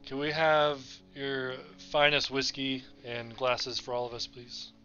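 A man's voice: medium pitch, steady tone, unhurried, pushed and bright, dull audio, faint music behind. A man playing a tabletop game, talking casually while bargaining in character. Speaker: player. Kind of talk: casual tabletop role-play.

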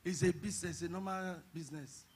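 A man pastor preaching a sermon at a church conference, telling stories and breaking into shouted emphasis. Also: high voice, steady tone, a little fast, husky. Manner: storytelling preacher who bursts into shouted emphasis.

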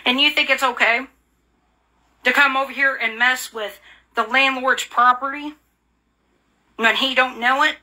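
A woman rants in fury, swearing and repeating the same bitter accusations. Her voice is very bright and sharp, and it sits a little high. She sounds worn out and fed up. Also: fairly even intonation, a little slow, long pauses. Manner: furious, profane, repetitive insults. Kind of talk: angry rant.

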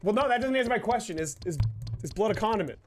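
A man's voice: high-pitched, animated, fast, a little hiss or hum. A man streaming live, ranting with emphasis and mock outrage, swearing often.

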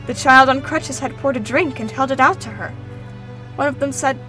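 A woman narrating a storybook tale in a calm, measured way. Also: high voice, music in the background, low-quality recording.

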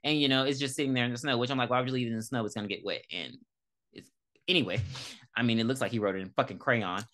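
A woman co-hosting a podcast, recapping a movie in casual, profane, animated storytelling. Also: very deep voice, rapid-fire. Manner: animated, profane storytelling with dramatic quoted lines. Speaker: podcast co-host. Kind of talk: casual movie review chat.

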